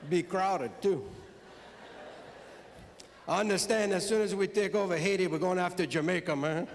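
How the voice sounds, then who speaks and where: On stage before a live audience, a storyteller and comedian from South Louisiana tells jokes with a Cajun accent, folksy and drawling. His voice is high-pitched at a normal speed, with slight background noise and long hall reverb in this stand-up set.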